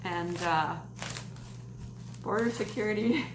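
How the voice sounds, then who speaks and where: Slow-talking woman in an echoey room. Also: medium pitch, noisy background. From Canada. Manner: chatty, emotional, giggly, gushing. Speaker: crochet vlogger. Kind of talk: casual unboxing vlog.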